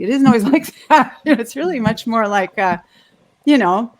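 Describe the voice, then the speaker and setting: A woman's voice: fairly high pitch, expressive, moderate pace. A woman sharing her personal story on a panel over a video call, rambling and heartfelt, with frequent restarts.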